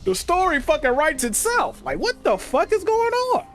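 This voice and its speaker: Streamer, young man, high voice that swings wide, profane and animated storyteller. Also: normal speed, soft background music. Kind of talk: casual stream chat. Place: home room.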